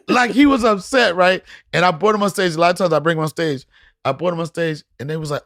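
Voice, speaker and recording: A middle-aged man, a guest comedian, telling stories in podcast chat, animated and acting out voices with frequent laughter. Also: sits high, a little fast, no room sound, clean studio sound. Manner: animated storyteller, acts out voices, laughs often.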